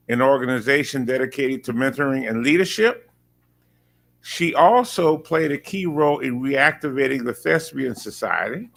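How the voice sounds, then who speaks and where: A man's voice: medium pitch, creaky, fairly bright tone. A man, a university official, formally introducing a student at a board meeting and reading a prepared tribute with occasional filler-laden asides.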